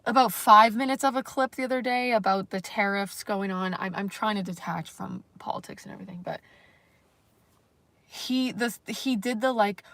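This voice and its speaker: A woman's voice: mid-range voice, moderate pace, a bit bright, no echo. A woman vlogger talking casually on a livestream, rambling and self-conscious, with lots of fillers and the odd swear word.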